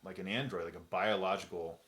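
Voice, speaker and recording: A man's voice: sits low, steady tone, a little fast, a bit bright. A man co-hosting a casual chat, telling rambling, jokey stories and slipping into voices for anecdotes. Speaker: podcast co-host.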